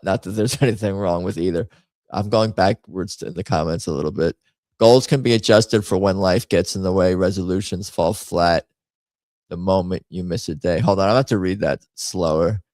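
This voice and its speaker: A man's voice: low voice, a little mellow, no room sound. A man hosting a casual livestream, rambling through memes with wry asides and frequent restarts. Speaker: host.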